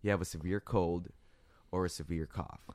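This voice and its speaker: A sick man with a raspy, hoarse voice, rambling laid-back in a casual podcast chat and swearing often. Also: low voice, steady tone, normal speed, a little mellow, dry recording. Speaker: podcast co-host.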